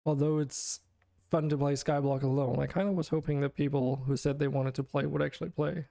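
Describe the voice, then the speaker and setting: A man's voice: a little high, little pitch movement, a little fast, creaky, dark tone, dry recording, clean studio sound. A man streaming a game, chatting casually with viewers in a chatty, self-deprecating way and laughing often. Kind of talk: casual live-stream chat.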